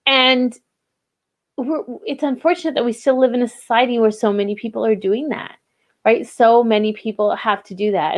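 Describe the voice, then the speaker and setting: A woman talks through a diversity training session in a relaxed, conversational way. Her voice sits in a middle pitch, and she leans often on fillers and restarts as she explains. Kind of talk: casual live webinar talk.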